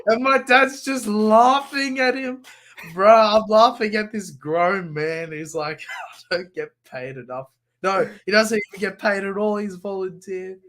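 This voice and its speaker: A man's voice: high voice, a little slow. Young aussie guy telling a laid-back story. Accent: Australian. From Australia. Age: young adult. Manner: relaxed anecdotal storytelling, laughing. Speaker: guest. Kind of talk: casual chat on a video call.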